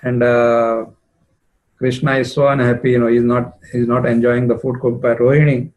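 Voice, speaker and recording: A man's voice: medium pitch, flat delivery, moderate pace, darkish tone, lightly acted, rough recording. A man as a chatty young woman messenger. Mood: coaxing.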